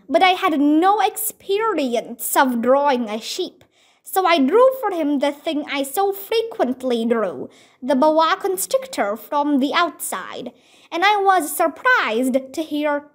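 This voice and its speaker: A woman's voice: high voice, animated, slow pace. A woman reading a children's book aloud as narrator, with a careful storytelling delivery. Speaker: audiobook reader.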